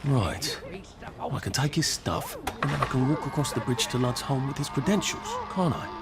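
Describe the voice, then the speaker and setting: Brief: a game hero, gravelly, dry self-mocking asides, lively pitch. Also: male voice, moderate pace, music in the background. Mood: musing. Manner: dry, muttering asides to himself. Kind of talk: video game voice acting.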